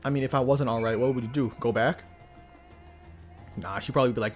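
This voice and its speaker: A young man chats through his game stream in loose slang, cracking jokes and laughing between lines. His voice sits at an everyday pitch, and faint music plays underneath. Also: fairly even intonation, fairly quick, long pauses. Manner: joking, laughs often, slangy. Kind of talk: casual gaming commentary.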